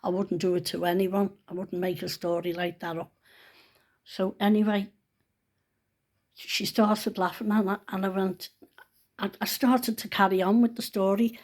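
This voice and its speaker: A woman's voice: mid-range voice, level tone, moderate pace, long pauses, darkish tone. A woman in her sixties telling a personal story at home in a chatty, earnest, folksy way. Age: 60s. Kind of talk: casual storytelling vlog. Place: at home, sitting on a sofa.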